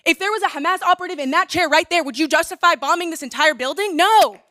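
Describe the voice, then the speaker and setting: A woman giving a forceful, pleading public comment at a city council meeting, asking rhetorical questions. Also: extremely high pitch, fast.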